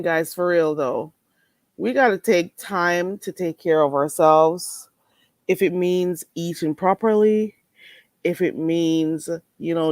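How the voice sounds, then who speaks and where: A woman chatting casually with her viewers, animated and laughing easily. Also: lowish voice, no room sound. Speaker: vlogger answering live chat.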